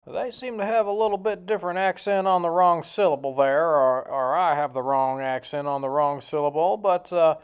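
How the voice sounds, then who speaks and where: A man's voice: a little high, normal speed, few pauses, clean tone. Folksy male vlogger, jokey, casual, sounding out words himself. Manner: joking, folksy, tries out foreign words. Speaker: video host. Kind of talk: casual vlog commentary.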